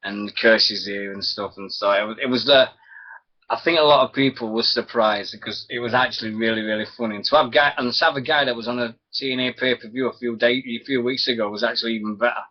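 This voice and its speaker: A man's voice: medium pitch, fairly even intonation, quick pace. A man hosting a wrestling radio show alone, rambling, chuckling and losing his thread. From Britain. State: sore throat. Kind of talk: rambling solo internet radio chat. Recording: dull lo-fi stream audio.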